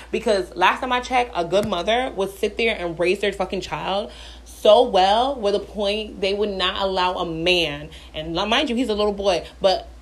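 A woman's voice: mid-range voice, a bit bright. A woman in her thirties venting in a casual storytime, blunt and profane, talking from her bathroom at home.

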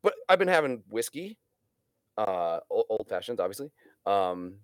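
A man's voice: fairly low pitch, sing-song, moderate pace, no echo, clean studio sound. A man telling rambling stories in a casual chat, swearing freely as he goes.

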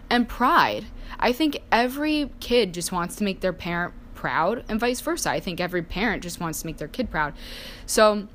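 A woman's voice: medium pitch, fairly bright tone, slight background noise. A young woman casually telling personal stories, chatty, saying "like" a lot and acting out family members' lines. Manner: chatty, heavy use of "like", acts out family voices. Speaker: storyteller sharing personal life.

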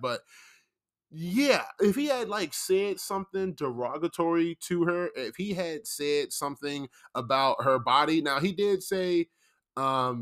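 A young man with a fairly high voice talks straight to camera in a casual commentary video. He rambles and circles back on himself, defending his point with emphatic repetition. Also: animated, measured pace, a bit bright. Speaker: commentary vlogger.

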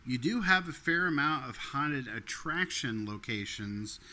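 A man's voice: mid-range voice, animated, measured pace, bright, forceful tone. A man co-hosting a casual podcast chat, rambling with many fillers and frequent laughter. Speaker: podcast co-host.

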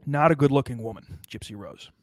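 A man's voice: medium pitch, brisk, no echo. A man delivering a rambling, sardonic comedic monologue, swearing constantly as he riffs.

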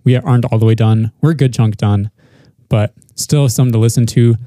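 A young man hosting a casual podcast, running through segments in a relaxed way. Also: medium pitch, moderate pace, no echo, clean studio sound. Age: young adult. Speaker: podcast host. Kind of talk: casual chat.

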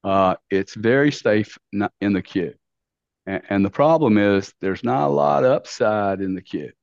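A brash middle-aged man with a fairly low voice tells his stories bluntly, with slang and the odd swear word. The sound is dull and lo-fi, recorded close and dry with no room echo. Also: normal speed, gravelly, darkish tone. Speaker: podcast guest. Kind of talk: casual storytelling interview.

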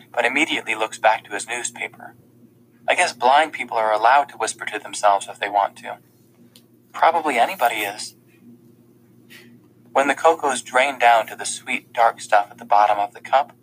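A man's voice: mid-range voice, fairly bright tone, a little hiss or hum, low-quality recording. A man reading a novel aloud in the first person, in a plain conversational storytelling manner. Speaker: audiobook narrator.

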